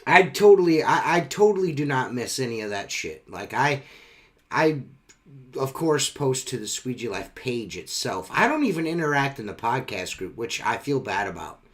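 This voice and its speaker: A man's voice: mid-range voice, very animated, moderate pace. Male podcast host, loose and profane, circles back on his own phrases; mid-range voice. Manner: profane, rambling, repeats himself. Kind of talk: casual podcast banter.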